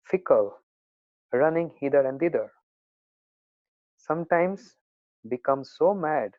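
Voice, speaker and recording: A man giving a devotional sermon in halting non-native English, now and then breaking into slow sung verses. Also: medium pitch, no room sound. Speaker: monk giving a spiritual talk. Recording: thin phone-like sound.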